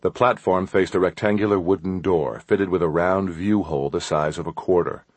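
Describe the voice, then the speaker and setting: Deep husky male audiobook narrator. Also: no echo. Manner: steady, measured storytelling.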